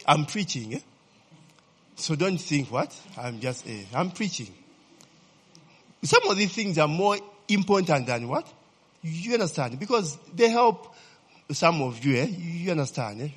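Male pastor, lively sermon voice, slightly husky, long hall echo. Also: fairly high pitch. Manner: animated, asks the congregation to fill in words, frequent "eh?" tags. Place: church hall. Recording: long reverb of a church hall.

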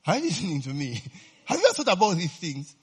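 A man's voice: high-pitched, fairly quick, breathy edge. A man preaching a sermon, constantly checking on his listeners with "eh?" and questions. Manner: lively, keeps checking the listeners with "eh?" and quizzing them.

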